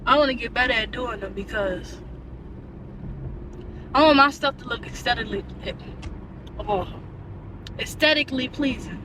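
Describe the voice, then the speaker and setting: A young woman vlogging in her car, ranting in an animated, exasperated way with lots of slang. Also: on the high side, normal speed, pauses often, distant mic, background noise. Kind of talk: casual chat.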